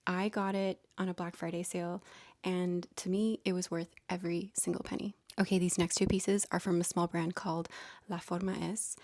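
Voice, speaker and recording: Chatty woman with soft whispered asides. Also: fairly low pitch, steady tone, moderate pace, dry recording. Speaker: fashion vlogger. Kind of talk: casual collection walkthrough.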